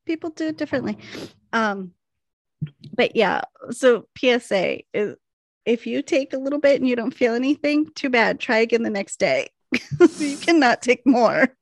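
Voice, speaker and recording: A woman's voice: a little high, moderate pace, no echo, studio quality. A woman co-hosting a casual chat, telling a story and acting out what she said back then. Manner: animated, acts out her own past lines.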